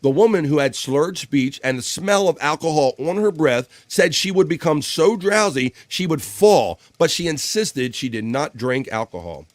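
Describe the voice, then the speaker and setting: A man's voice: on the high side, lively intonation, normal speed, hardly any pauses, no room sound. A man hosting a live stream, joking loosely and cursing often as he reads viewer comments and news stories aloud. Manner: loose, profane, joking banter with frequent laughs.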